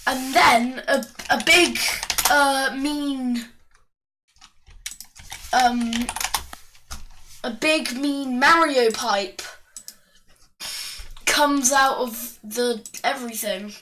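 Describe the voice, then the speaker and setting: A woman's voice: high-pitched, extremely slow, long pauses, background noise. A woman rambling through an improvised story while drawing, full of fillers and slangy asides. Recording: distant mic with faint clicking.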